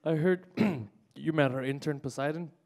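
A man hosting a casual comedic chat, telling a quick anecdote with laughter. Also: a little high, a little mellow.

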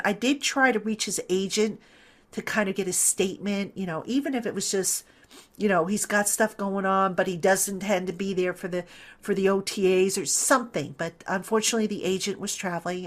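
A woman's voice: mid-range voice, a bit bright. A middle-aged woman hosting a sports podcast, giving conversational, opinionated commentary with many fillers. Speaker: podcast host.

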